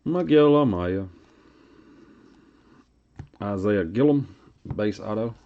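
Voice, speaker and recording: A man's voice: on the low side, animated, takes it slowly. A man with a Tennessee Southern accent hosting a live card break, reading off player names in a laid-back drawl while chatting with viewers. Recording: lo-fi stream audio.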